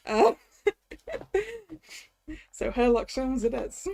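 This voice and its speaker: A woman's voice: on the high side, steady tone, unhurried, creaky, pauses often, darkish tone. A woman streamer chatting casually over a video game, self-deprecating and laughing easily.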